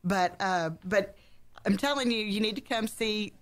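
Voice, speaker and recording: A woman's voice: medium pitch, a little slow. Bubbly woman hosting radio chat. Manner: chatty, bubbly, self-deprecating, laughs often. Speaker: guest radio host.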